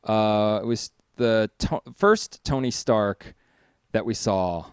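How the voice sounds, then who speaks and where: Easygoing man with a smooth voice. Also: on the low side, slow, no room sound. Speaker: co-host. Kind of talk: casual chat.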